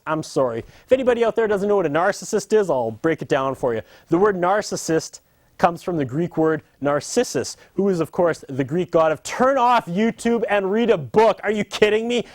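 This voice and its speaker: A man's voice: a little high, a little mellow, no room sound. A man in his thirties delivering a sarcastic, mock-apologetic comedy monologue as host.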